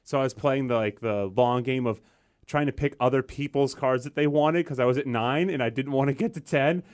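Podcast guy telling a story fast and animated, mid pitch, keeps doing little voices for people. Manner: animated storytelling, acts out quotes. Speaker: podcast co-host. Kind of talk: casual chat.

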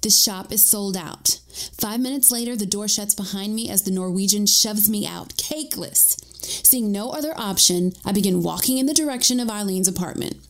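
A woman reads a first-person story aloud in a wry, lively way. Her voice sits at an ordinary middle pitch and she narrates with playful humor. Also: a little fast.

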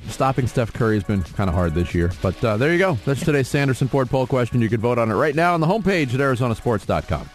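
A man's voice: medium pitch, lively intonation, quick pace, few pauses, soft background music. A man co-hosting sports radio, joking and mocking himself in casual banter. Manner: jokey, self-mocking, reads sponsor lines.

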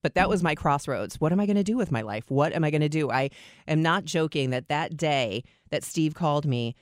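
A middle-aged woman, a radio host, telling her career story in a lively, self-deprecating way and acting out quoted lines. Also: fairly quick, no room sound, clean studio sound. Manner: lively, self-deprecating, acts out quotes with big pitch jumps. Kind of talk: conversational interview storytelling.

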